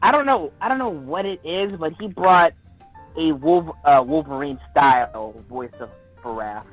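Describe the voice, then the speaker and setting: A man chatting casually on a livestream, excited and often restarting his sentences. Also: on the high side, normal speed, soft background music. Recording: slightly dull lo-fi stream audio.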